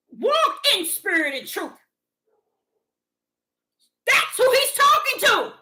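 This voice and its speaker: A woman preaching with fervor in a rhythmic, repetitive monologue that swings between loud declarations and soft asides. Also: very high voice.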